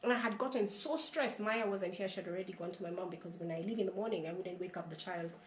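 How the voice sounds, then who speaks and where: A woman with a lowish voice tells her own story at a quick pace during an interview, earnest and frequently repeating words. Emotion pushes her voice upward at times. The room echoes, with a faint background hiss.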